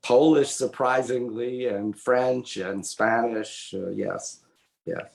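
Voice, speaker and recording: An older man, an author and illustrator, telling a personal story as an interview guest in a halting way with many fillers and restarts. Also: mid-range voice, steady tone, creaky, a little mellow. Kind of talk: conversational storytelling. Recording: roomy echoey audio.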